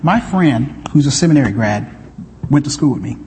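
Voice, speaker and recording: A male pastor preaching a sermon in a church, conversational and animated, with asides and sudden shouts. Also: medium pitch, moderate pace, in a large hall, slight background noise. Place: church sanctuary.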